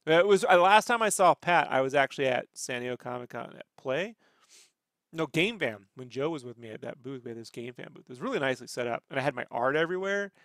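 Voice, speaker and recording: A man's voice: medium pitch, expressive, quick pace, fairly bright tone, no echo, clean studio sound. A man hosting a casual chat, telling rambling stories full of swearing. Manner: rambling, profane storytelling. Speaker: podcast host.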